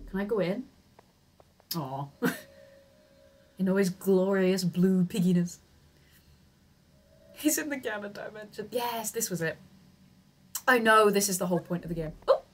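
A woman streaming a video game live, reacting in an excitable, giggly way and cheering the character on. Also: mid-range voice, measured pace, long pauses. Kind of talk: live gameplay commentary.

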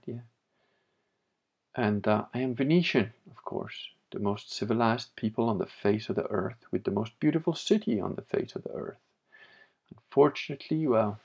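Gravelly low-voiced man, blunt. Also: darkish tone, lo-fi sound. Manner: blunt, opinionated, laughs often. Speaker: livestream host reading chat. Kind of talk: casual livestream chat.

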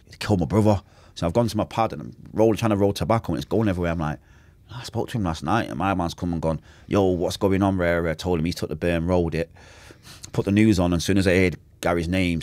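A man's voice: low voice, a little mellow, no room sound. A man telling an intense, emotional personal story as a podcast guest. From Manchester, England. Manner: intense, emotional, acts out quoted voices.

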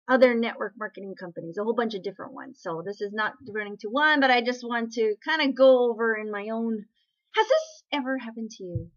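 An animated woman with a fairly high voice rants casually straight to camera. She keeps asking the listener rhetorical questions and trips over her own restarts. The sound is dull and lo-fi, like a home webcam. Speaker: network marketing vlogger. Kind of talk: casual talking-to-camera rant.

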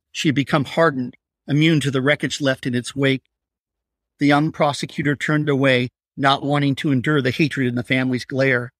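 A man's voice: mid-range voice, no echo. Man reading a thriller aloud, dry sound. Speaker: author reading his novel.

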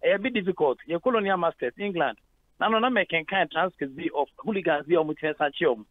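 A man's voice: a little high, quick pace. A man with a Ghanaian accent, a head of sport calling in to a radio show, explaining at length and mixing English into Twi. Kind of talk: phone-in sports analysis. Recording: tinny phone line.

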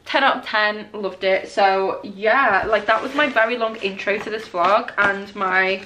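A young woman casually vlogging a book unboxing, excitable and gushing, emotional and close to tears. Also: mid-range voice, unhurried, slight background noise.

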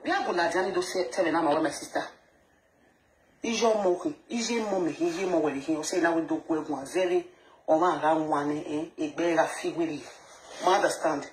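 A woman with a Nigerian accent talking casually to camera as a vlogger, animated and repeating her phrases, mixing pidgin into her English. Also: sits low, moderate pace. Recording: echoey room with faint noise.

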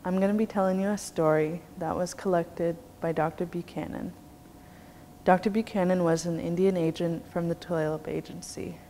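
Unhurried woman telling a traditional tale, lowish voice, faint noise behind. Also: fairly even intonation, dark tone. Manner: slow, measured, rhythmic telling. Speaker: storyteller, language teacher. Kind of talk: traditional storytelling. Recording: long reverb, faint background noise.

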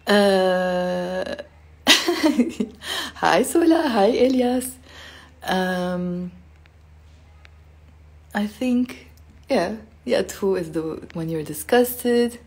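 A woman's voice: mid-range voice, animated, drawn-out words, pauses often. A woman giving a casual live-stream language lesson, chatty and full of fillers, acting out the sounds she teaches. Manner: chatty, filler-heavy, demonstrates sounds expressively.

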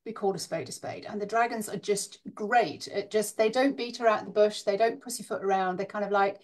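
A woman's voice: mid-range voice, fairly quick. A woman interviewed as a guest, speaking frankly and conversationally with a light laugh. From Scotland and northern Britain.

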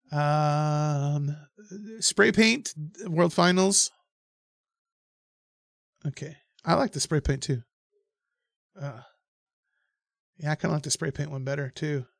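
A hoarse man hosting a live gameplay stream, excitable, laughing often and reading chat aloud. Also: on the high side, takes it slowly, pauses often, no echo, clean studio sound. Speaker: livestream host.

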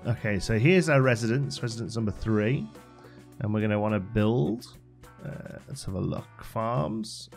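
A man's voice: lowish voice, expressive, unhurried, vocal fry, faint music behind. A man hosting a game channel, giving chatty playthrough commentary and thinking aloud as he plays.

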